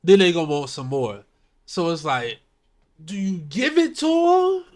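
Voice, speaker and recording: A man in casual chat, reacting and working through numbers out loud. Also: fairly high pitch, big pitch swings, a little slow.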